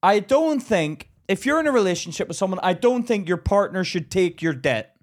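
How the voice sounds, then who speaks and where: A man in a casual podcast chat who speaks bluntly and swears freely, mocking others with put-on voices. His voice is high for a man and jumps around a lot. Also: sing-song, normal speed. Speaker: podcast co-host.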